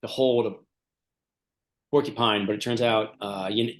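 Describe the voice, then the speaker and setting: A man's voice: fairly low pitch, steady tone, unhurried. Rambling male comedian piling up absurd details. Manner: rambling, lots of fillers, builds absurd details. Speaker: comedian co-host. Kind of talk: improvised comedy chat.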